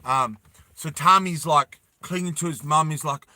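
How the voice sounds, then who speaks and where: A man's voice: a little high, sharp tone, no room sound. A man telling a story casually to his viewers, with many fillers. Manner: slow, with fillers, addresses viewers.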